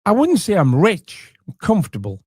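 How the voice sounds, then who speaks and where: A man's voice: sits high, wildly swooping pitch, normal speed, a little mellow, breathy edge. A middle-aged man reacting to clips with dry, sarcastic asides from a room at home. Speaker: commentary host. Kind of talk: comedic reaction commentary.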